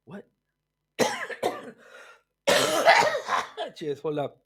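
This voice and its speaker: A man's voice: very high-pitched, wildly swooping pitch, extremely slow, pauses often, pushed and bright, slightly rough, no echo. A man hosting a football podcast, ranting brashly and profanely in casual opinionated chat, slipping into mocking voices.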